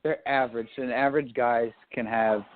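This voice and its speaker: A man's voice: medium pitch, fairly even intonation, moderate pace, a little hiss or hum. Rambling young man from Dallas, tinny. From Dallas, Texas. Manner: rambling, restarts mid-thought. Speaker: radio show co-host. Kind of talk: casual sports and politics talk. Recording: phone-line quality audio.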